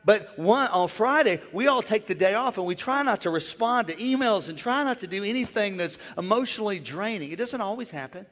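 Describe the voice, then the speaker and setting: A man who is a pastor, preaching a lively sermon and calling out to the congregation to join in. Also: sits high, fairly quick, hardly any pauses. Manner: energetic, playful call-and-response with the crowd. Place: large church. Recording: long church hall reverb.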